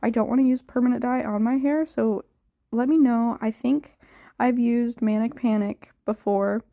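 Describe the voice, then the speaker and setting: A woman's voice: fairly high pitch, steady tone, moderate pace, gravelly, dark tone, dry recording. A tired young woman chatting casually about dyeing her hair, rambling and unsure with lots of filler words. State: tired, yawning. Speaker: hair dye vlogger. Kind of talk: casual voice-over chat.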